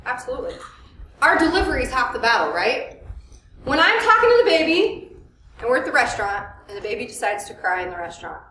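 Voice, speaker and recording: A therapist giving a workshop lecture, lively and full of questions for the audience. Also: female voice, a little high, fast, a little hiss or hum. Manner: lively, asks the audience questions, acts out quotes. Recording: echoey room, mic at a distance.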